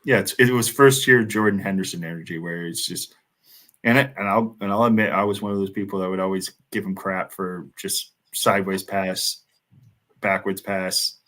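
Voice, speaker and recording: American man, very low voice, casual watchalong banter, frequent laughs. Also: steady tone, normal speed, bright, forceful tone. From United States. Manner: laughs often, loose rambling banter. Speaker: watchalong co-host. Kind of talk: casual match commentary chat.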